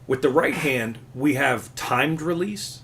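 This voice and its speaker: A man teaching a live classical guitar lesson, explaining patiently and warmly encouraging his student. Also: medium pitch, lively intonation, slow, a loud crowd.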